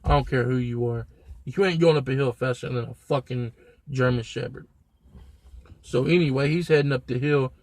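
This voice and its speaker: A man's voice: mid-range voice, normal speed, a little mellow, no room sound. A young man telling a story to his viewers in a blunt, profane, slang-heavy way. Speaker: vlogger. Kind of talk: casual storytelling to camera.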